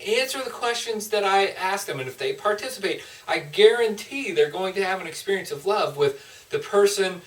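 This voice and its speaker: A man's voice: high-pitched, a bit bright, distant mic, poor audio. A man, a motivational speaker, telling an emotional personal story in an earnest, heartfelt way with frequent restarts.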